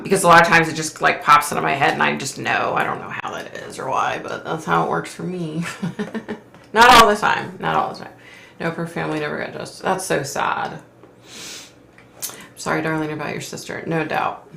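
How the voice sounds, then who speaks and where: A woman's voice: sits low, creaky, pushed and bright, reverberant. A middle-aged woman hosting a psychic livestream, reading viewer comments aloud and answering with sympathy and frequent sighs. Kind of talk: casual live chat reading comments.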